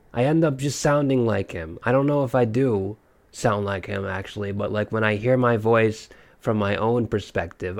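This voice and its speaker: A young man with a stuffy, nasal voice from a cold, rambling through a solo podcast monologue with many fillers and restarts. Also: lowish voice. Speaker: podcast host.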